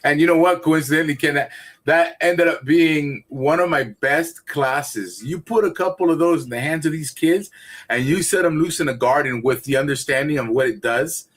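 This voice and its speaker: A man's voice: on the high side, normal speed, fairly bright tone. A man who teaches gardening, a guest on a casual livestream chat, rambling and enthusiastic with lots of restarts.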